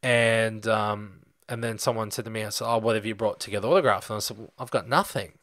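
An Australian man in his young adult years recounts a story in a loose, chatty podcast manner, full of ums and restarts. His voice sits fairly low. The recording is dry and close. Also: fairly quick, no echo. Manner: rambling, animated anecdote with many fillers. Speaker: podcast host. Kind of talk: casual storytelling.

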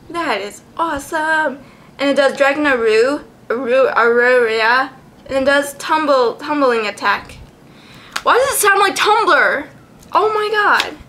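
A woman vlogger chatting casually, giggly and excitable, swearing freely as she goes. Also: sits high. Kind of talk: casual chat.

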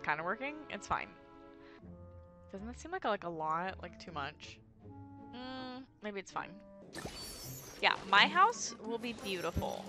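A young woman giggling and gasping through casual let's play commentary, chatty and full of "like". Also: medium pitch. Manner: giggly and excitable, gasps and squeals often; chatty, heavy use of "like". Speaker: gaming channel host.

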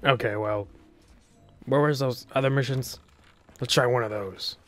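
A man's voice: mid-range voice, fairly even intonation, measured pace, soft background music. Young man with a strained, sore voice. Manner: swears often, jokey. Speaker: let's play host. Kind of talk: casual gameplay commentary.

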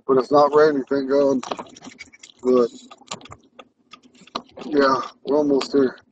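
A man's voice: medium pitch, little pitch movement, slow pace, far from the mic, muffled recording, a little hiss or hum. A man with a lisp, a Ponca language teacher, talking in a rambling, earnest way while he drives. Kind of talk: casual talk while driving. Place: inside a car on the road.

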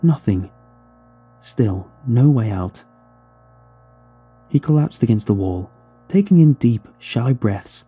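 A man reading a horror story aloud in a somber, measured storytelling manner. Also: medium pitch, lively intonation, dark tone, husky, soft background music. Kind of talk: scripted horror narration.

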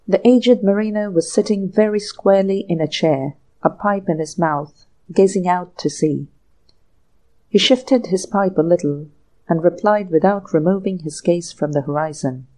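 A woman narrating a classic short story for an audiobook in a measured, even way. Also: on the low side, rough recording. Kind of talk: scripted narration.

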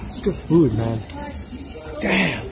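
On a busy street, a man hosts a casual street-interview vlog, filming with a handheld camera at arm's length while chatting, joking and repeating himself. His voice is on the high side and expressive, and he takes it slowly over loud music and heavy traffic noise in a rough recording.

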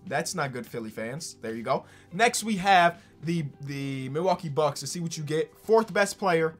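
Excitable man doing game commentary. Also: fairly high pitch, normal speed, faint music behind. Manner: excitable, swings from hyped to dry asides. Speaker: basketball gaming YouTuber. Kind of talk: casual gameplay commentary.

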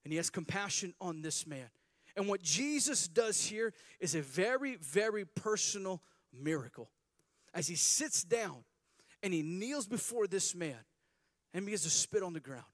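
Animated man preaching a sermon. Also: high-pitched, no echo, studio quality. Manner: animated storytelling, acting out voices of biblical characters. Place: chapel service.

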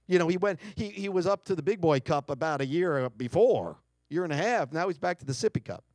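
Animated middle-aged man telling a story. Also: fairly high pitch, fairly quick, dry recording, studio quality. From United States. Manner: dramatic storyteller, acts out family quotes. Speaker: keynote speaker. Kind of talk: storytelling keynote speech. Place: lecture hall.

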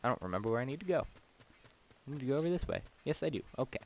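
A man's voice: mid-range voice, animated, racing, background noise. A man giving goofy, rambling commentary while playing a video game, often talking back to the characters. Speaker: let's play gamer. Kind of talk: casual gameplay commentary.

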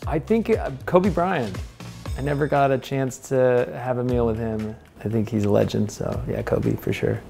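A relaxed man in his thirties chats about food and training at home, laughing easily and leaning on fillers. His mid-range voice carries a gravelly edge, with soft music playing underneath. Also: medium pitch, moderate pace. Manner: relaxed, chatty, laughs often, lots of fillers. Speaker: interview guest, pro snowboarder. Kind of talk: casual chat. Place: house, indoors.

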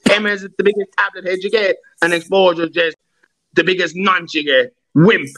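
A man's voice: high voice, fairly even intonation, brisk, bright, forceful tone, rough recording. A man hosting a live-stream panel, ranting abusively with heavy swearing and repeated insults. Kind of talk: angry live-stream rant.

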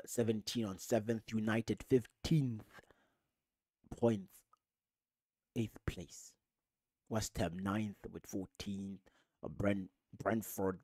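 A man's voice: fairly low pitch, mellow, no room sound. A man, hosting a podcast, ranting angrily about football with lots of swearing and emphatic repetition. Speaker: podcast host. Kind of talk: casual football rant.

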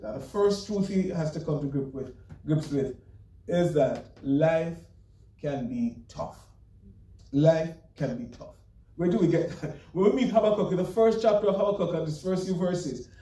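A man's voice: sits high, dark tone. A man preaching a sermon as pastor, earnest and emphatic, with light chuckles between points. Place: church sanctuary. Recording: echoey church room, mic far off.

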